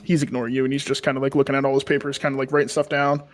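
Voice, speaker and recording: A man's voice: mid-range voice, little pitch movement, very fast, soft background music. A man acting as game master, narrating a tabletop game casually with a lot of rambling and fillers.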